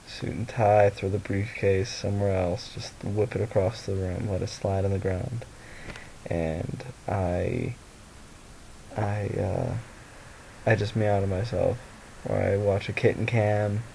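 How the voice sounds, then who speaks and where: A man's voice: on the low side, gravelly, warm tone, slight background noise, rough recording. A tired young man rambling casually in a vlog at home, with lots of fillers and restarts and a sleepy voice. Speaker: vlogger. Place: at home by a mirror.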